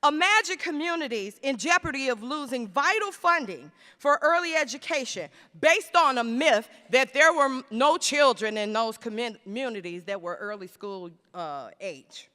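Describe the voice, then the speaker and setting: A woman delivers a conference speech from a podium microphone, rhetorical and emphatic, slowing to land her key phrases. Her voice sits high and rings bright. The sound carries the long tail of a large hall. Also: expressive. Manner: rhetorical, emphatic with slowed stresses. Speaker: conference speaker. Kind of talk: plenary speech. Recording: reverberant hall.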